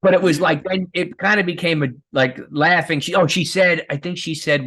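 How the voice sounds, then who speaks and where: A filmmaker guest telling stories in a casual, rambling way, with many fillers and restarts and frequent laughs. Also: male voice, a little high, normal speed, few pauses, a bit bright.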